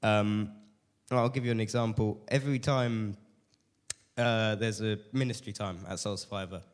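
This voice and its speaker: A man's voice: lowish voice, fairly even intonation, moderate pace, long reverb tail. A man in his late teens with a cold, giving a hesitant, self-deprecating personal testimony to a church group. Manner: nervous, self-deprecating, hesitant with many fillers. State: has a cold.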